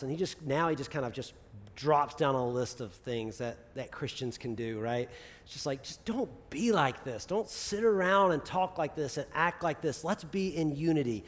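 A male pastor preaching a sermon in a conversational style, peppered with "right?" asides and building to loud urging. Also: on the high side, expressive, normal speed. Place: church sanctuary. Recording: long hall reverb.

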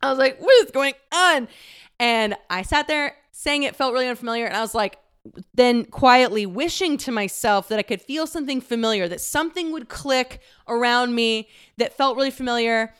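A young woman with a clear, smooth voice sits a little high and tells a personal story in a candid, emotional way. She laughs often and swears casually, and she sounds close to tears. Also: a little fast, fairly bright tone.

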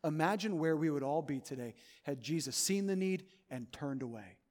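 A man preaching a sermon as pastor of his church, earnest, moving between loud urging and soft, hushed pleading. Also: on the high side, expressive, moderate pace, in a large hall. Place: church sanctuary.

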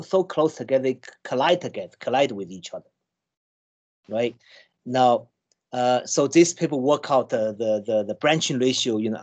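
Halting man explaining with many restarts. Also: mid-range voice, darkish tone, highs cut off. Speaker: scientist guest. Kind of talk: conversational explanation.

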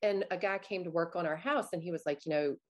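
A woman guest on a podcast, chatting casually and telling animated stories with lively asides. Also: on the low side, fast, noisy background. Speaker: guest author.

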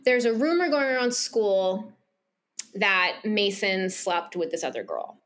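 A woman's voice: medium pitch, lively intonation, a little slow, a bit bright. A woman co-hosting a podcast, recapping a romance novel in casual chat, rambling with lots of fillers and acting out bits of dialogue. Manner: rambling, filler-heavy, acts out character lines. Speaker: podcast co-host.

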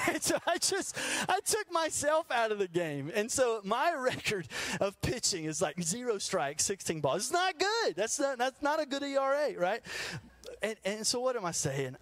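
A man's voice: high voice, fairly bright tone, no echo. A middle-aged man preaching a sermon, telling funny stories and laughing at his own jokes. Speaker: pastor.

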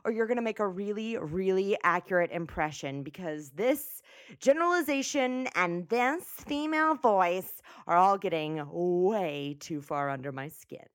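A woman's voice: fairly low pitch, animated, a little slow, no room sound, clean studio sound. A young woman hosting a comedy podcast, rambling and self-mocking in a bubbly way. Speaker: podcast host. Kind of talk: comedy podcast monologue and sketch.

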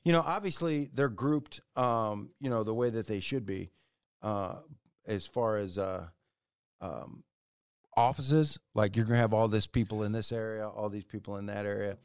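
A man's voice: fairly low pitch, moderate pace, a little mellow, smooth, no room sound, clean studio sound. A man co-hosting a podcast, chatting casually and crudely, joking and laughing a lot with plenty of fillers. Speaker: podcast co-host. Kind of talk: casual comedic chat.

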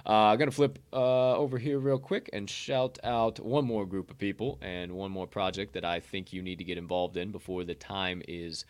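A man's voice: deep voice, fairly even intonation, normal speed, few pauses, clear, resonant tone. A young man hosting a casual online stream, hyped up and preachy, swearing as he rants. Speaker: NFT content creator. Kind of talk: casual livestream promo rant.

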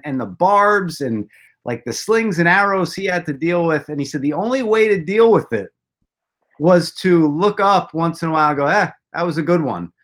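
Man, casual talk guest, storyteller with jokes, a bit high-pitched. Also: fairly bright tone. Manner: rambling storyteller with self-deprecating jokes. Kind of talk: casual chat.

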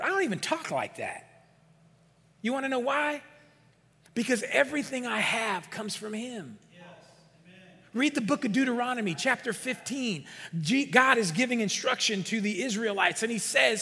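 A middle-aged male pastor preaching with a high, bright, gravelly voice. He is emphatic and calls out for amens. His sermon rings with long reverb through a church hall. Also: expressive, normal speed. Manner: emphatic, calls for amens and acts out doubters' excuses. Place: church sanctuary.

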